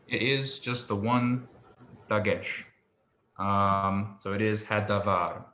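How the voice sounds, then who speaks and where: A man's voice: fairly low pitch, steady tone, bright, forceful tone, a little hiss or hum. Patient man teaching in an echoey room. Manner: patient, explains slowly and repeats pronunciations. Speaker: Hebrew teacher. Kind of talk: one-on-one language lesson.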